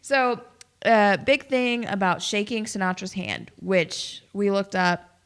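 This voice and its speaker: A young woman co-hosting a movie review podcast, chatting casually, quick to tease and go off on tangents. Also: medium pitch, clean tone. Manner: quick, tangent-prone, teasing. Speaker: podcast co-host.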